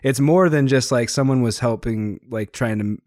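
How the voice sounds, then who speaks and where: A man hosting an interview, asking questions in a relaxed, casual way with plenty of filler words. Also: mid-range voice, moderate pace, no echo, studio quality.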